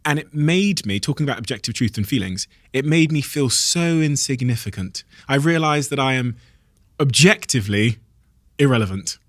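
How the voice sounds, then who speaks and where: A man's voice: mid-range voice, expressive, normal speed, fairly bright tone, no room sound, studio quality. A British man hosting a podcast, reading sponsor messages and asking questions in an earnest, enthusiastic way with frequent restarts. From United Kingdom. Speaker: podcast host. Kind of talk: podcast interview and sponsor reads.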